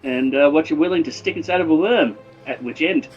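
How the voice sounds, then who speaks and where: A man's voice: on the high side, a little fast, lo-fi sound, soft background music. A man chatting at a game table, hesitant and playful, giggling between thoughts. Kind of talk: casual table chat.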